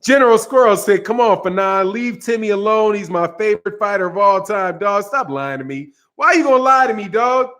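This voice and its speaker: High-voiced man riffing to his live chat. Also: brisk, hardly any pauses, a bit bright. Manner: loose, joking, talks straight to chat, frequent laughs. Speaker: boxing channel host. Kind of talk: casual live-stream commentary reading chat.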